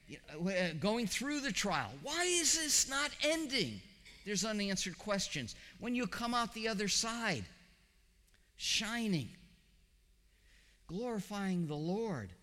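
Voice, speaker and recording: A man preaching a sermon as pastor, swinging from high emphatic questions down to low, quiet reassurance. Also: big-room sound.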